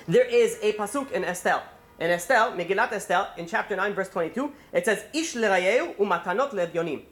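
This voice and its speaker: A man, a rabbi, giving a holiday sermon, telling a story in a quick, rambling way full of restarts and fillers. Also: sits high, a bit bright.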